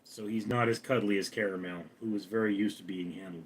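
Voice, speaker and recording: A man's voice: lowish voice, steady tone, fairly quick, husky. A man hosting a casual live stream, reading viewers' comments aloud and answering them in a dry, self-deprecating way.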